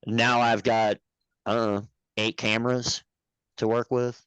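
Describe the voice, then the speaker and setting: A man's voice: mid-range voice, flat delivery, unhurried, a bit bright, smooth, dry recording, rough recording. A man who produces a puppet show, telling stories as a podcast guest in a rambling, profane, laughing way. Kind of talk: casual storytelling chat.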